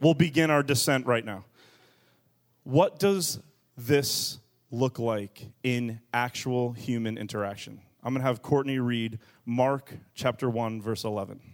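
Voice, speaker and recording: A man preaching a sermon in a lively, joking and emphatic way, leaning hard on key words. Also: medium pitch, measured pace. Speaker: pastor.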